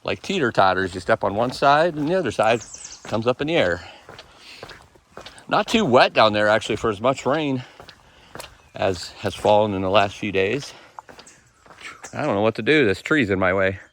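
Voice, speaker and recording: A man vlogging casually on a forest trail, chatty and self-amused, quick to laugh. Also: lowish voice, expressive, a bit bright, slight background noise. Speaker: thru-hiker vlogger. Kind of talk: casual vlog narration while hiking.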